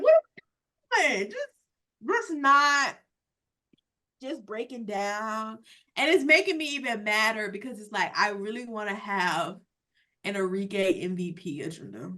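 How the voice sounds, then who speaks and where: A woman's voice: mid-range voice, animated, unhurried, long pauses, pushed and bright. A woman hosting a casual sports podcast, talking emphatically with lots of cursing and "like". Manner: emphatic, profane, frequent "like". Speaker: podcast host.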